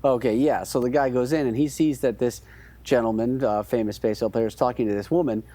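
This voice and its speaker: A man's voice: medium pitch, steady tone, fast talker, mellow. A man co-hosting a podcast, telling an anecdote in a rambling, hesitant way with many restarts. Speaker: podcast co-host. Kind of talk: casual chat, storytelling.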